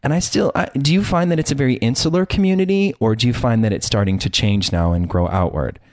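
A man's voice: mid-range voice, quick pace, a little mellow, dry recording. Campy chatty man from Chicago, dry sound. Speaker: host. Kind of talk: casual interview talk.

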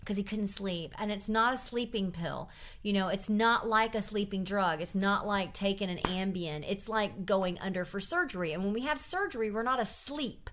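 A woman's voice: mid-range voice, moderate pace, fairly bright tone, slight background noise. A woman co-hosting a casual chat, talking at length and explaining with plenty of fillers.

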